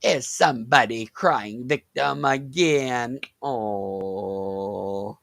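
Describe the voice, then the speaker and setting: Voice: mid-range voice, lively intonation, slow, fairly bright tone, no echo. A reaction commentator with a sarcastic, mocking way of talking.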